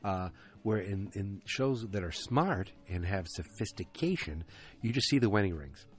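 A man's voice: fairly low pitch, lively intonation, moderate pace. A man casually recapping a TV episode, ranting, swearing and drifting off on tangents.

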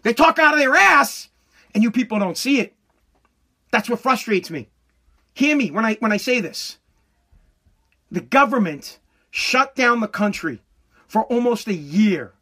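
A woman delivering a heated, profane political rant in sarcastic commentary, swinging from shouts to slow, low emphasis.

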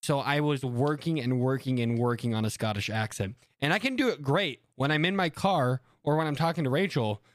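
A man co-hosting a casual podcast chat, animated and quick to joke and laugh. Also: medium pitch, dry recording. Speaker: podcast co-host.

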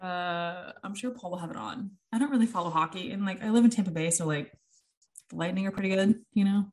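A woman's voice: medium pitch, quick pace. A woman co-hosting a podcast, chatting casually and animatedly, often acting out what other people said. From American. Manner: chatty, animated, acts out quoted voices. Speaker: podcast co-host. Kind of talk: casual chat.

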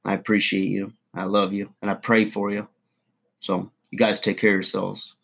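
A man's voice: fairly low pitch, monotone, normal speed, creaky, a bit bright, slightly rough. Folksy man rambling to camera. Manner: folksy rambling storyteller, self-important. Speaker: channel host. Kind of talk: comedic character monologue to camera.

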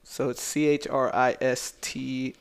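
A man's voice: medium pitch, little pitch movement, measured pace, vocal fry, smooth. A man hosting a podcast in casual chat, laid-back, laughing often and swearing freely. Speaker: podcast host.

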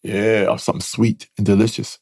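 A man with a gravelly, husky voice rants loudly in casual comedic banter, cursing freely and leaning hard on each point. The sound is close and dry, with no room around it. His pitch sits fairly low. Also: level tone, brisk, no room sound. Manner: profane, emphatic, keeps saying his partner's name. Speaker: podcast co-host.

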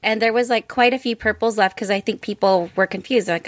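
A woman's voice: medium pitch, fast, dry recording. A woman co-hosting a casual chat show, telling stories at an easy pace, often laughing and trailing off into fillers. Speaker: podcast co-host.

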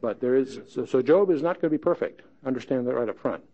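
A man's voice: mid-range voice, animated, fast, mellow. A man teaching a conversational Bible study in a folksy, plain-spoken way with wry asides. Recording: dull lo-fi podcast recording.

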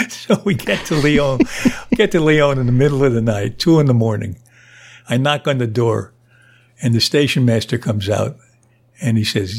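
An older man, a podcast guest, telling a story with lively delivery and frequent laughter. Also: mid-range voice, measured pace, breathy edge. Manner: animated, laughs through his stories. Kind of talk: storytelling anecdote.

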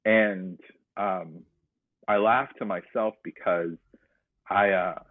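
Man from North Carolina, low husky voice, earnest and reflective, sharing his story as a podcast guest over a tinny phone-like connection. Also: steady tone, slow, dry recording. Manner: earnest, reflective, retells scenes. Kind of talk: personal storytelling in conversation. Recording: dry, narrow phone-like line.

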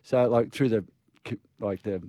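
A man's voice: on the low side, moderate pace, dark tone, no echo. Australian man, middle-aged, radio co-host, stumbling storyteller, dry close sound. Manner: chatty, stumbling storyteller with restarts. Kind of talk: casual radio banter.

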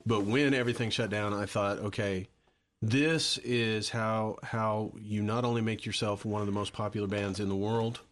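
A man's voice: fairly low pitch, steady tone, moderate pace, fairly bright tone. A man musician chatting casually, rambling with restarts and casual swearing. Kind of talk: casual chat.

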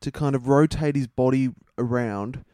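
A man co-hosting a podcast in casual chat, deadpan and swearing often as he retells a story. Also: medium pitch, normal speed, no echo, clean studio sound. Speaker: podcast co-host.

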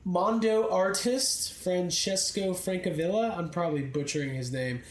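A man's voice: high-pitched, moderate pace. A man co-hosting a podcast, telling rambling stories in casual chat and laughing often. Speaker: podcast co-host. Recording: roomy echo.

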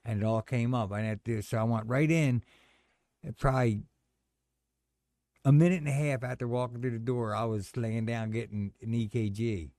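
A middle-aged man telling a personal story in casual chat, animated and acting out the voices of others. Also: medium pitch, normal speed, no room sound, clean studio sound. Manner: animated storyteller, acts out quoted voices, says "man" a lot.

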